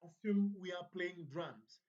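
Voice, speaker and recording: Give me a woman counting beats in a music lesson, on muffled low-fi audio. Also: a little slow, a little mellow. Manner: counts beats and chants rhythm syllables. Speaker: music teacher. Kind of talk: revision lesson.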